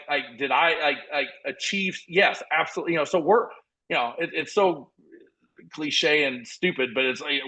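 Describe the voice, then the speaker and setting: A man in his forties from South Dakota talks as a podcast guest, earnest and energetic, circling back through restarts and fillers. His voice sits a little high and rings bright and forceful. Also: poor audio. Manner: earnest, motivational. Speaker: podcast guest, former college football walk-on. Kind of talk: casual conversational storytelling.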